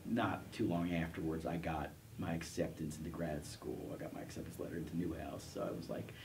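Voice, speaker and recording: A man's voice: low voice, steady tone, a little fast, darkish tone, far from the mic, a little hiss or hum. A middle-aged man, a professor, telling his career story in a casual interview, rambling with restarts and self-deprecating chuckles. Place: college TV studio.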